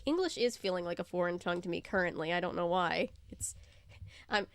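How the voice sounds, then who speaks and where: A woman hosting a casual read-aloud of a novel, animated and chatty with asides, sometimes stumbling over words. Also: fairly low pitch, brisk, clear, resonant tone, no room sound, clean studio sound. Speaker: host reading a novel aloud.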